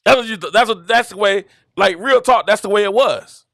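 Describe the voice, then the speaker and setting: A man from Georgia, hosting a casual sports talk stream and telling stories in an animated, repetitive way. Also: high voice, fairly quick, vocal fry, no echo, studio quality. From Georgia, USA. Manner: animated, repetitive storytelling with laughs. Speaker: show host. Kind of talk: casual commentary livestream.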